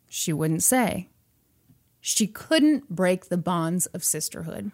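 A woman's voice: on the low side, sing-song, slow pace, darkish tone. A woman podcast host retelling a movie in a chatty, wry way. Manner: chatty and wry, acting out quotes. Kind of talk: casual chat retelling a movie.

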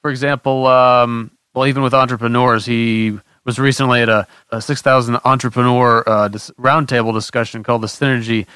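Smooth-voiced measured male co-host. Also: mid-range voice, little pitch movement, pushed and bright, no room sound, clean studio sound. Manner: measured, explanatory, with hesitations. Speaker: podcast co-host. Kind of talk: podcast conversation.

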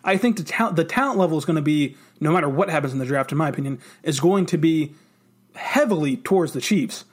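Excited male football podcast co-host, slightly higher voice, rapid rambling delivery. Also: slightly rough. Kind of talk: casual sports talk.

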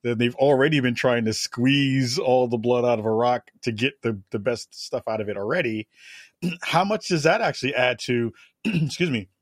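A man's voice: medium pitch, moderate pace, no echo, clean studio sound. A man hosting a casual discussion, asking questions and thinking aloud.

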